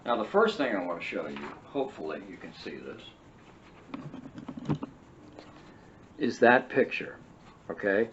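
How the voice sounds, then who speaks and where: A man hosting a political podcast, reading an article aloud and cutting in with sarcastic, mocking asides. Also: mid-range voice. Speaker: podcast host. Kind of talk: read-and-react political commentary. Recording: roomy, distant, dull lo-fi sound with faint hiss.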